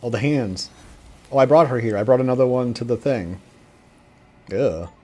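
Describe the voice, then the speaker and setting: A man doing let's play commentary, excitable, swearing often and reading game text aloud. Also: medium pitch, moderate pace. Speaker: gaming streamer.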